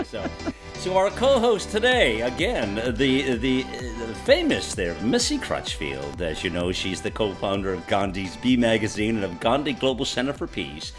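A man's voice: medium pitch, over music. A man hosting a talk radio show, teasing his co-host in playful banter. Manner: teasing, animated, drawn-out.

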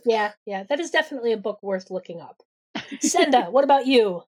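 Brief: female host, high voice, brisk promo reads, relaxed chat. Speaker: podcast host. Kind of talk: casual chat and read promos.

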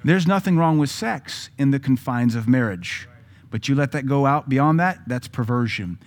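A man's voice: medium pitch, expressive, normal speed. A man with a Southern US accent, a pastor preaching a sermon in a conversational style with joking asides.

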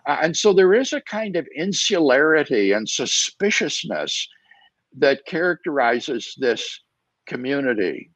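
A man being interviewed as a guest author over a video call, answering in a measured, deliberate way with frequent "uh" fillers. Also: fairly high pitch, big pitch swings, fairly bright tone, no echo. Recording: dull, dry video-call audio.

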